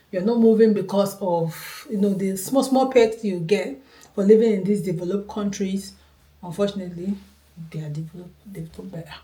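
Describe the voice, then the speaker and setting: A Nigerian woman talking straight to camera in a casual, earnest way. She keeps hammering her points home by repeating them. Her voice sits at an ordinary middle pitch and rings a little in a roomy, echoey space. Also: mellow. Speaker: vlogger. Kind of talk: casual opinion talk to camera. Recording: roomy echo.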